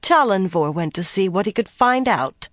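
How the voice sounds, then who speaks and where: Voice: mid-range voice, expressive, measured pace. A narrator voicing a blunt woman with a dry, mocking edge to every line. Close, dry audiobook sound with no room echo.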